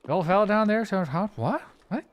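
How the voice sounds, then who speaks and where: A man's voice: high voice, animated, fairly quick, slight background noise, voice pushed up. A man imitating a bewildered old Newfoundland fisherman with a thick Newfoundland accent, firing clipped, repeated questions. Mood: baffled.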